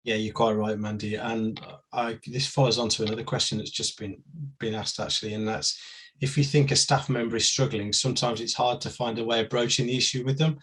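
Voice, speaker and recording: Male session host, medium pitch, flat and steady delivery, relays questions. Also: a little fast, poor audio. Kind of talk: moderating questions.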